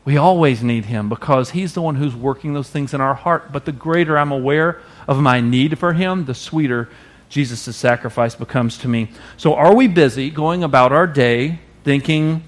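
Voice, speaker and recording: A man preaching a sermon as pastor, expressive, now and then acting out voices. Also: mid-range voice, moderate pace. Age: adult parent. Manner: expressive preacher, acts out quoted voices loudly.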